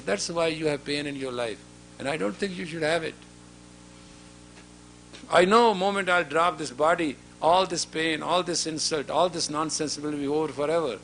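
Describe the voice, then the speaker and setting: This fiftyish spiritual teacher addresses a women's class with a fairly high, fairly bright voice at a normal pace. His tone is blunt and admonishing, and he keeps putting questions to the audience. There's slight hiss or hum.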